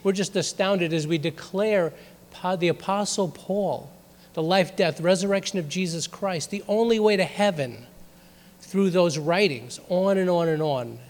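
A man shares a story from the pulpit and acts out each conversation as he tells it. His voice sits a little high for a man, and a long reverb trails every line through the sanctuary. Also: a little slow. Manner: animated storyteller, acts out dialogue. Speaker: guest speaker at church. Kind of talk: sermon storytelling.

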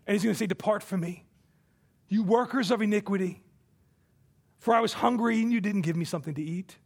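A man preaching a sermon from the pulpit, emphatic, his voice swelling for quoted scripture and dropping low and soft on key points. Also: fairly quick, breathy edge. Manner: emphatic preaching, rising and falling in volume. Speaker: pastor.

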